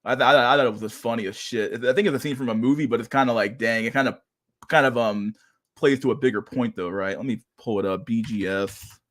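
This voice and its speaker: A man's voice: medium pitch, fairly quick, fairly bright tone. A man hosting a casual reaction stream at a desk mic, swearing and laughing in disbelief. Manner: profane, laughing, incredulous. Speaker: streamer host. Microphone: desk microphone.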